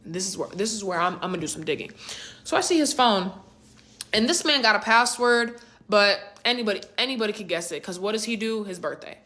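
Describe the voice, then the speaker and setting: A young adult woman narrating a personal storytime vlog in a casual, slangy and animated way, with rhetorical asides to the listener. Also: mid-range voice, a little fast.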